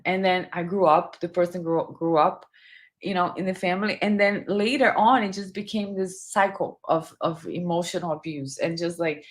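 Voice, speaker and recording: A woman hosting casual live true crime commentary, chatty and reading viewer comments aloud. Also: on the low side.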